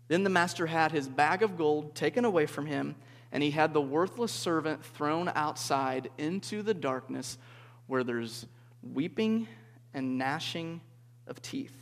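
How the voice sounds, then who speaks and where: A man preaching to a group in a relaxed, conversational way, often checking in with "okay?" and asking the listeners questions. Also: on the high side, a little slow. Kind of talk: interactive sermon. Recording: reverberant hall.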